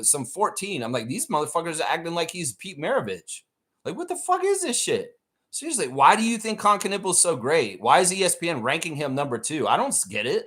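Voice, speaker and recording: A man hosting a live stream, chatting casually and ranting with plenty of swearing. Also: a little high. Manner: profane, animated rant reading chat.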